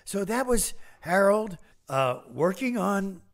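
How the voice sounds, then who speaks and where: Older guy with a gravelly voice, kinda high, telling old stories in a halting way. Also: very animated. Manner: rambling, halting with many fillers and restarts. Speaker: podcast guest, comedian. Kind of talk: casual anecdotes.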